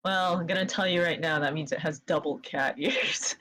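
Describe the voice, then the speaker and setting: A woman's voice: low voice, moderate pace, fairly bright tone. A woman in a casual tabletop role-play session, teasing the others, swearing and laughing. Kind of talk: casual game chat.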